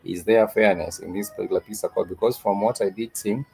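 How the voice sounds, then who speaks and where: Gravelly low-voiced man teaching. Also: steady tone, warm tone, soft background music, rough recording. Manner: slow, repetitive teaching with many filler "uh"s. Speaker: host and Swahili teacher. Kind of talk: live-stream commentary and language lesson.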